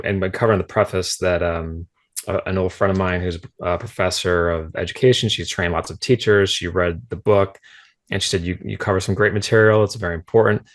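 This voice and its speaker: A man who is a former school principal talking frankly as a podcast guest, explaining his views and often adding a rhetorical "right?". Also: sits low. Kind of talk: casual podcast conversation.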